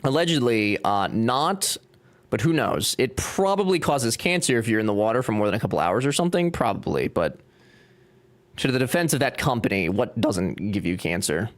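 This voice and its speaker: A very animated young man with a fairly low voice and moderate pace streams as he builds. He's from Louisiana, has a Cajun accent, and banters with viewers, reading their chat messages aloud.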